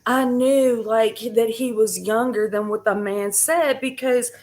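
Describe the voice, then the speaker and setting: Slow, rambling woman chatting to viewers. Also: fairly high pitch, darkish tone. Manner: rambling, chatty, many fillers and restarts; addresses the audience directly. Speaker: spiritual reading streamer. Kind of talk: casual live chat to viewers.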